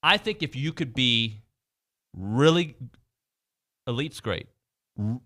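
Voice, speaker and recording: A man hosting a casual sports talk radio show, animatedly reading out team stats and quizzing his co-host. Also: mid-range voice. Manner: animated, reads stats off quickly. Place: radio studio.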